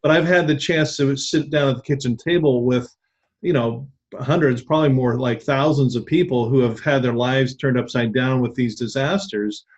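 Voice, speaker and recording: A man from Southern California, a guest author on a radio interview, talking in a relaxed way with frequent restarts. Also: mid-range voice, moderate pace, hardly any pauses, slightly rough, dull audio.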